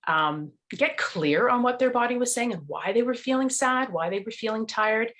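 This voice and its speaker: A woman's voice: a little high, normal speed, fairly bright tone. A middle-aged woman, a nutrition coach, telling her story earnestly in an interview over a video call.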